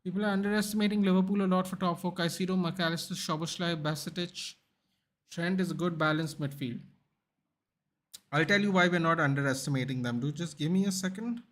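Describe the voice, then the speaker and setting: A man's voice: high-pitched, fairly quick. Chatty young man streaming a football match. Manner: animated, chatty, reacts to the game and reads chat. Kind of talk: live casual football commentary.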